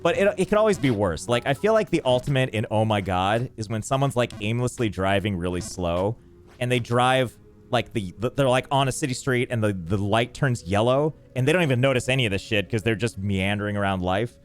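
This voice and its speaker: A man's voice: mid-range voice, brisk, faint music behind. A man streaming a game and chatting casually, telling ranting stories and answering chat. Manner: animated ranting storyteller, reads chat.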